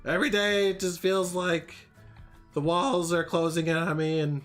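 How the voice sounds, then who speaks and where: A squeaky, high-pitched male pony, gloomy and self-pitying, as a man puts him on. He airs his woes in a thin, pinched voice, and faint music plays behind him. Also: little pitch movement, moderate pace, fairly bright tone. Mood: mopey. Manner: high squeaky mock-sad confession.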